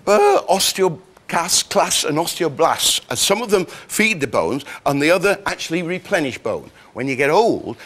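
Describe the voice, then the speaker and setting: On a chat show, an older man with a slightly high voice explains science facts animatedly, breaking into quick impressions of sounds and voices along the way.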